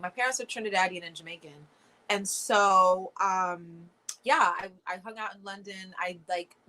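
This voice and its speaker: Woman livestreaming reactions, bright voice, sarcastic and fed up, lots of y'all and like. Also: mid-range voice, low-quality recording. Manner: sarcastic, exasperated running commentary, lots of "like" and "y'all". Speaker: livestream host. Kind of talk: live watch-party commentary to viewers.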